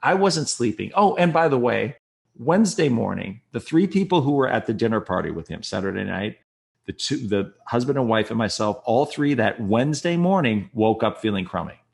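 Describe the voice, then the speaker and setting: A man telling a personal story in an interview, earnest, and quick and agitated when reliving tense moments. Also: medium pitch, expressive, creaky. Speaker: guest recounting a personal experience.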